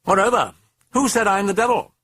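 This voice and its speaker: A man voicing a mocking, insolent demon in a young girl's body, with a raspy, light voice and a broad British accent. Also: high voice, a little fast, fairly bright tone, pitched above the performer's own voice. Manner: insolent, taunting.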